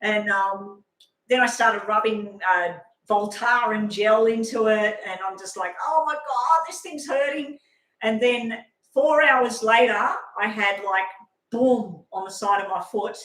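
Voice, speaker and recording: A middle-aged woman, rambling casually on a live stream as a tarot reader and telling a long story with animated asides. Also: medium pitch, measured pace. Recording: echoey room.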